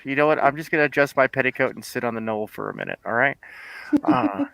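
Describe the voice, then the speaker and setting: A man in his forties, co-hosting a podcast, telling an animated story in casual chat and laughing often. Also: medium pitch, fast, creaky, no room sound, rough recording. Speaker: podcast co-host.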